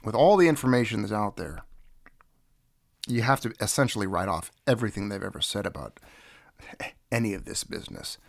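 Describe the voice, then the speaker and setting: A man hosts a casual livestream chat in a low, gravelly voice, sounding stuffed up from congestion. He rambles along and greets the viewers in the chat one by one. The recording is close and dry. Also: expressive, fairly quick, long pauses, dry recording. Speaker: livestream host.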